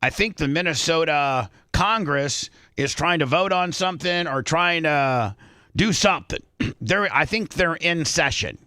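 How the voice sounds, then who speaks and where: A man's voice: on the high side, expressive, unhurried, sharp tone, no room sound, studio quality. A male radio host giving opinionated, rambling commentary in a casual talk show.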